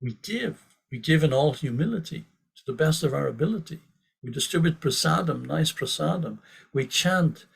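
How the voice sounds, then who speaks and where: A man giving a scripture class as a sermon, telling stories in an animated way and often restarting his sentences. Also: a little high, normal speed, vocal fry, husky. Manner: animated, quotes with rising force, frequent restarts. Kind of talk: sermon with storytelling.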